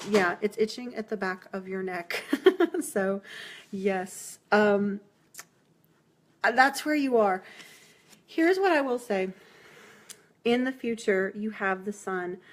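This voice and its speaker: A woman giving a live-streamed tarot reading, chatty and reassuring, laughing often as she talks to viewers. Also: a little high. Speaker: tarot reader.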